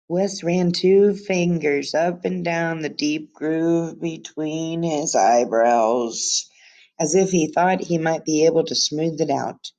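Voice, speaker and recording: A woman's voice: low-pitched, slow pace, creaky, darkish tone. A woman teacher reading a book aloud to her students on a webcam, adding chatty asides as she goes.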